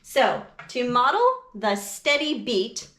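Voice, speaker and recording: A woman music teacher explaining a lesson for parents and teachers in a slow, clear, patient way. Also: on the high side, fairly bright tone, reverberant.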